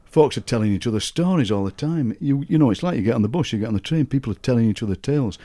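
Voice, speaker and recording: A man's voice: medium pitch, animated, rapid-fire, dark tone. A man in his sixties with a Barnsley Yorkshire accent, a guest poet telling chatty anecdotes and chuckling through his stories. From Yorkshire, England. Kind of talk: anecdotal conversational storytelling.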